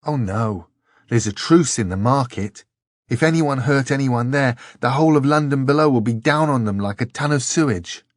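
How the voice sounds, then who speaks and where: A man's voice: medium pitch, dry recording, studio quality, pitched above the performer's own voice, natural voice. A man voicing a thin, nervous young girl who talks earnestly and warily. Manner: earnest, wary, quick to take offence.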